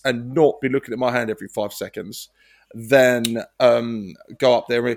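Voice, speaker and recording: A man's voice: mid-range voice, a little mellow. A man in casual podcast chat, rambling, swearing and laughing as he talks about films and stand-up. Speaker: podcast co-host and stand-up comic.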